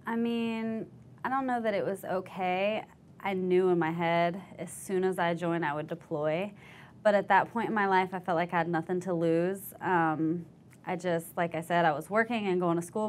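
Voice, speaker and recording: Young woman veteran, lowish voice, telling her story, laughs easy and does the voices. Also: fairly even intonation, normal speed, slight background noise. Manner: candid storytelling, acts out quoted voices, laughs easily. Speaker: veteran interviewee. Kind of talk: oral history interview.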